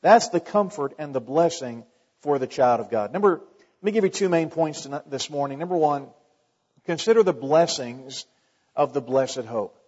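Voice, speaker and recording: A man's voice: on the high side, lively intonation, normal speed, a little mellow, husky. A man preaching a sermon as a pastor, in a conversational way with wry asides. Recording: long hall reverb, dull lo-fi sound.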